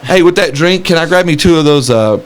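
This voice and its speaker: A man in his forties spins a story in quick, rushing speech, his voice sitting high for a man. He talks with lively energy, laughing and acting out the people he quotes. It's a relaxed podcast chat. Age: 40s. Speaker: podcast co-host.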